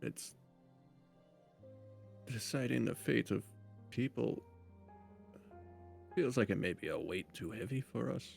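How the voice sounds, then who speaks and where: A man playing a thoughtful male dwarf druid in a tabletop game, measured and formal. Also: mid-range voice, expressive, creaky, darkish tone, soft background music, heavily acted. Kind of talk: tabletop role-play.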